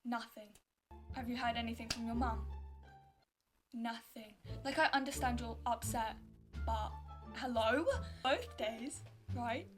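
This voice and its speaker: A high-pitched young woman tells stories in a chatty, exasperated way, filling her talk with "like". Her delivery is casual, as in a vlog. Music plays clearly underneath her voice. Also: fairly even intonation, moderate pace. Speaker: YouTuber. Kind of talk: casual storytelling and reacting.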